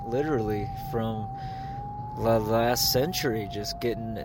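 A man's voice: fairly low pitch, fairly even intonation, measured pace, background noise. A man calling in to a radio show and rambling, with a lot of fillers. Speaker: caller.

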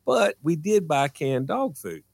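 Casual male radio regular, rambling storyteller, very lively pitch, dry close sound. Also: a little slow, creaky, dry recording. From rural United States. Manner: animated, rambling anecdotes with self-corrections.

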